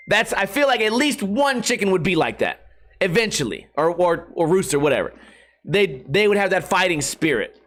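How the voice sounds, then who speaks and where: Man in his thirties, high voice, rambling profane podcast monologue. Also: big pitch swings, moderate pace, a bit bright. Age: 30s. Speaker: podcast host. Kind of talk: casual comedic monologue.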